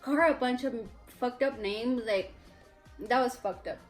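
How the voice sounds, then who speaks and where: Young mexican-accented woman, kinda high voice, blunt and sweary, chatty vlog storytelling. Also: moderate pace, soft background music, rough recording. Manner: blunt, indignant, swears freely. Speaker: vlogger. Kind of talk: casual storytelling during a mukbang.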